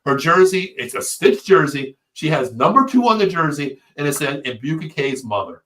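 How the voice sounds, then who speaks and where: A man co-hosting a casual live sports talk show, an excitable storyteller who swears freely. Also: on the high side, normal speed. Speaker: podcast co-host.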